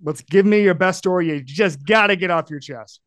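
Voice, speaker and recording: A man's voice: high-pitched, fairly quick, dry recording. A man hosting a sports podcast, prompting his guest in a friendly way. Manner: friendly, laughs along, prompting. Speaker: podcast host. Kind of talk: casual interview.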